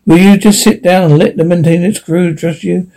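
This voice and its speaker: A composed steel robot that speaks without emotion and gives firm, level orders, played by a male narrator in a mellow, fairly high voice. Part of a sci-fi audiobook reading. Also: steady tone, moderate pace. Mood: cool command. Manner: cool, unemotional, commanding.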